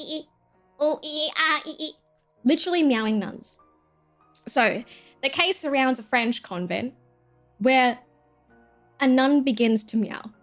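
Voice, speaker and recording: A young woman streamer chatting casually, rambling and giggling, swearing freely. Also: fairly high pitch.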